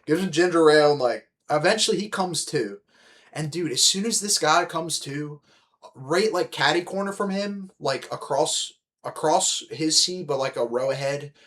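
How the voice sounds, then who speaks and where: Rambling, foul-mouthed man telling a story. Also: medium pitch. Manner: animated, profane, rambling with many "like" fillers. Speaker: podcast host. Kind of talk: casual storytelling chat.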